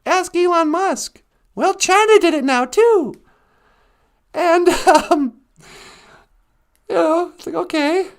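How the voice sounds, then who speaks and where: Midwestern woman hosting a live stream, high voice, unhurried, teasing and chatty. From northern Minnesota. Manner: chatty and teasing, laughs often. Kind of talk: casual live stream chat.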